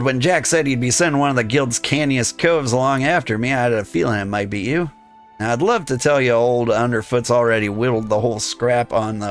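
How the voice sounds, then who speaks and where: A man reading a gruff male rogue guild thief who talks in conspiratorial thieves' slang. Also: medium pitch, close to an everyday voice.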